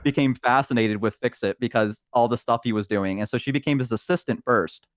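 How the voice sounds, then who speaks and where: A man's voice: medium pitch, brisk. A man on a voice call in casual chat, telling a long roleplay story with many fillers and little acted voices. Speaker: guest on a stream.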